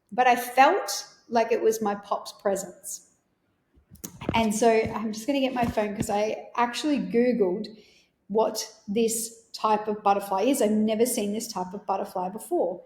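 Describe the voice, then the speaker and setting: Aussie woman podcaster, emotional rambly story, higher voice, echoey room. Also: fairly even intonation, moderate pace, darkish tone. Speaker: podcast host. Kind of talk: personal storytelling.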